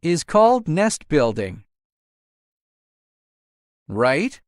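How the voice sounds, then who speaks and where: A man's voice: on the high side, big pitch swings, drawn-out words, no room sound. Man, outdoor science presenter, explains and repeats points, dry close sound. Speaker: snake expert presenter. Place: outdoors in grass.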